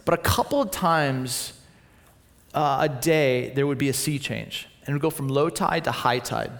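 A man from Southern California preaching a storytelling sermon, acting out voices and swinging from loud to quiet. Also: mid-range voice, moderate pace, creaky, in a large hall.

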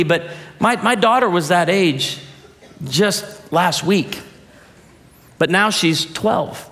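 A pastor in his forties preaches from a stage, his voice a touch high and ringing through a large hall with a long reverb. He teases the crowd and asks for shows of hands, then softens into heartfelt family stories. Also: animated, slow pace. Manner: playful, addresses the audience directly, jokes then turns heartfelt. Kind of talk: humorous sermon storytelling. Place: large hall or church auditorium, before an audience.

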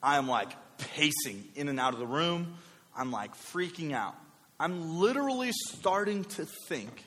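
Storytelling pastor in a reverberant hall. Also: male voice, a little high, measured pace. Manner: conversational, animated storytelling with many asides. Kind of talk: sermon with personal story.

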